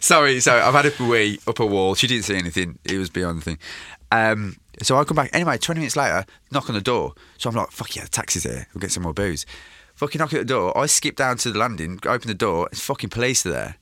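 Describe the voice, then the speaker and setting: A man's voice: lowish voice, expressive, quick pace, hardly any pauses, sharp tone, dry recording. A man telling a long, rambling story in casual interview chat, swearing freely and slipping into voices of the people in it. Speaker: guest.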